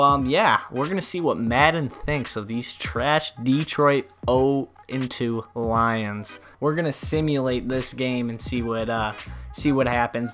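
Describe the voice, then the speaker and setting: Guy calling a football sim for his channel, swears a lot, mid pitch, gets loud and hyped on big plays, faint music under it. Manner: profane, mocking, gets loud and excited. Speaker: gaming YouTuber. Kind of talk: casual game commentary.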